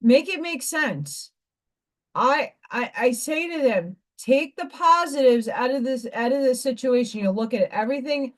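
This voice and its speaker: Chatty, slightly high-voiced woman livestreaming. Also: animated, unhurried. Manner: rambling and emphatic, greets viewers mid-sentence. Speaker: livestream host and school teacher. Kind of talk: casual livestream chat.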